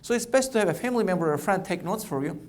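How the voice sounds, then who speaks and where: Giving a keynote at a conference, a middle-aged male oncologist speaks haltingly and conversationally, often repeating himself. His voice is high-pitched and expressive.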